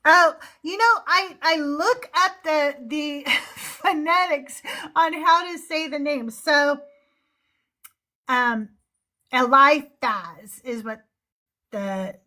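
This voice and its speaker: Woman host, middle-aged, high bright voice, chatty, laughs a lot. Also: slow pace, long pauses. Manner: chatty, laughs often, trails off into fillers. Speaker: livestream host. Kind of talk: casual livestream chat.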